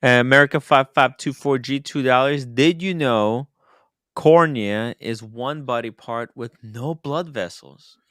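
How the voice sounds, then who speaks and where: A man's voice: mid-range voice, measured pace, a bit bright, no room sound, studio quality. A man hosting a livestream, reading out viewer super chats in an upbeat way. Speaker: host.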